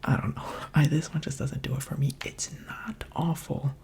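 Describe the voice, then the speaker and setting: A man gives whispered ASMR gaming commentary, close on the microphone. His soft, mostly breath-only voice is mellow, with a gravelly edge, and he rambles in a chatty, playful way full of filler words. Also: medium pitch, steady tone, normal speed.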